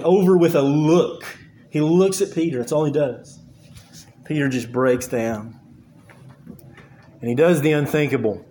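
A man preaching a sermon, earnest and halting, with frequent fillers and repeated words as he works through the scripture. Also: on the high side, a little mellow, a little hiss or hum. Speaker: pastor.

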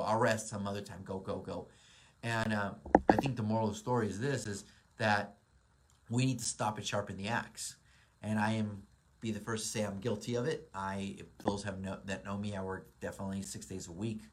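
A real estate broker in his forties from Southern California gives a casual motivational talk, rambling with lots of ums and restarts. His voice is lowish, and there is slight background noise.

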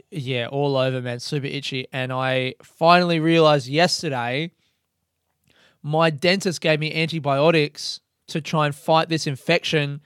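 Young guy rambling on his podcast, cussing, gets worked up, slightly high voice, smooth and clear. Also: no echo, studio quality. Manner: profane, rambling, excitable. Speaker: podcast host. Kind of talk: casual chat.

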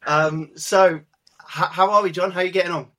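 A man's voice: high-pitched, steady tone, a little fast, bright, forceful tone. A man hosting a podcast interview, introducing his guest in a playful, upbeat way. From England. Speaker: podcast host.

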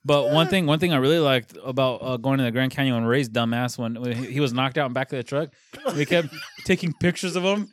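A man's voice: mid-range voice, a little fast. A man in his twenties co-hosting a podcast, telling rambling profane stories and laughing often in casual banter. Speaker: podcast co-host.

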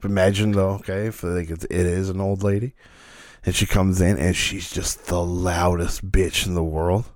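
A man's voice: low-pitched, flat delivery, moderate pace, dry recording, clean studio sound. A man guesting on a podcast, laid-back and joking, swearing casually. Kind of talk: casual chat.

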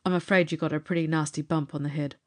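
A composed young male pilot and inventor, as a woman reads him aloud. He speaks in a lowered, even, matter-of-fact manner, calmly explaining. A storybook reading. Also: quick pace, lightly acted. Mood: grim.

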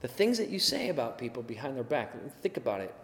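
A man's voice: mid-range voice, sing-song, quick pace, gravelly, a bit bright, slight background noise. A man preaching a sermon in an earnest, emphatic way, now and then acting out the voices he quotes. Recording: echoey hall with long reverb.

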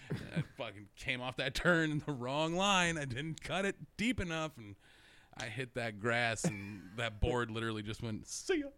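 A man's voice: mid-range voice, lively intonation, normal speed, pushed and bright, no room sound. A young man telling a rambling story in casual chat, swearing constantly and laughing through his own stories.

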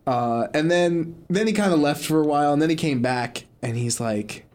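A man's voice: fairly high pitch, moderate pace, a little mellow. A young man co-hosting a podcast, telling a story in rambling casual chat full of fillers and restarts. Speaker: podcast co-host.

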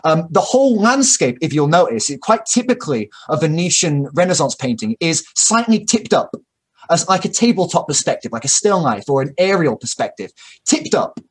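Man, husky voice, casual rambling talk, opinionated, lots of fillers, occasional swearing. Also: fairly high pitch, very animated, normal speed. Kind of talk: casual discussion.

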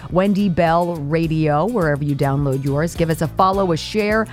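A woman radio host telling corny jokes in casual banter, animated and giggly. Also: sits low, moderate pace, faint music behind. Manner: animated, giggly, exaggerated joke voices.

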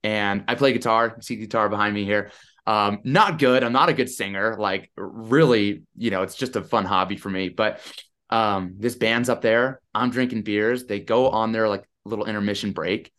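A man in his thirties, a podcast guest telling a story in a chatty, animated way over a video call. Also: lowish voice, moderate pace. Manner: animated, chatty, lots of "I'm like". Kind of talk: casual storytelling.

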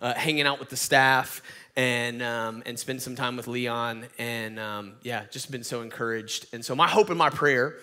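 A man's voice: medium pitch, normal speed, sharp tone. A man with a Southern accent from Atlanta, a guest pastor giving a folksy, conversational sermon full of fillers and restarts. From Atlanta, Georgia.

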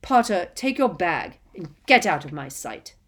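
A sneering schoolmaster clips off his words coldly and curtly. A woman reading a story puts him on. He gives orders with no warmth at all. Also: lowish voice, unhurried. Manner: curt, cold. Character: cold, sneering male potions teacher. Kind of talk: audiobook character voice.

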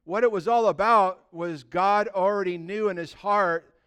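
A man preaching a sermon, retelling a story in an animated, conversational way. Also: high-pitched, a little slow, clean tone.

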